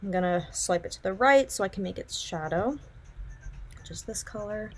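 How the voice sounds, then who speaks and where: A woman's voice: medium pitch, moderate pace. A young woman teaching digital drawing, talking casually and thinking aloud as she works. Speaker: art instructor. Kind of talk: casual drawing tutorial narration.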